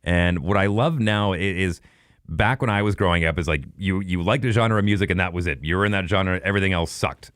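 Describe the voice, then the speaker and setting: A man's voice: sits low, fairly quick, fairly bright tone, no echo, clean studio sound. A man who is a radio host, chatting casually and enthusiastically as a guest on a podcast. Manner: enthusiastic, conversational.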